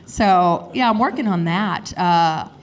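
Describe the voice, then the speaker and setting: A woman's voice: lowish voice, slow pace. A woman in her thirties doing a frank, chatty stand-up set on a comedy stage, working the crowd. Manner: chatty, frank, self-mocking.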